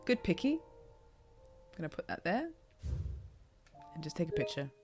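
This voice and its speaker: Excitable woman streaming a game. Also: sits low, moderate pace. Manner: excitable, yelling and laughing at the game. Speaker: gaming streamer. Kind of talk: casual let's-play commentary. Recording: game music playing under voice. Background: game music.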